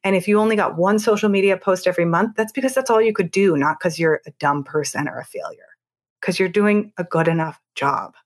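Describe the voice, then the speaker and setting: A woman in her thirties, a podcast guest, talking earnestly and reassuringly in an interview, with quick asides and restarts. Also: lowish voice. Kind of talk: conversational interview.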